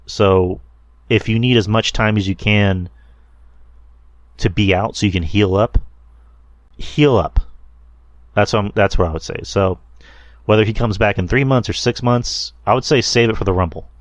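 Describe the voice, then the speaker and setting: Casual low-voiced man rambling solo. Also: moderate pace, pauses often, no room sound, dull audio. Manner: rambling, conversational, swears casually, many fillers and restarts. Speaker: podcast host reviewing wrestling.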